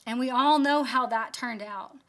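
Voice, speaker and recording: A woman's voice: fairly high pitch, moderate pace. A woman in her thirties teaching a Bible study, telling a candid, self-deprecating story from family life.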